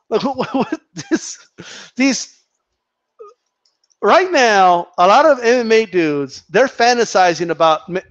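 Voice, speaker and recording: A man hosting his own boxing channel rants casually to camera as a commentator, piling on swearing, repetition and mockery. His voice sits high with vocal fry, and the recording's highs are cut off.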